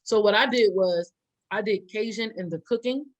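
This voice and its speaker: Medium-pitched and at normal speed, a woman in her thirties chats casually as a podcast co-host while having a meal. She's lively, laughs a lot and keeps eating as she speaks. The sound is muffled.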